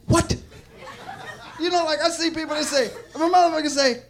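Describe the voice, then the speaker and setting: His very high, gravelly voice moves at a moderate pace through a rambling, foul-mouthed comedy set on a club stage. The comedian laughs a lot and often starts sentences over. The live recording carries audience noise behind him.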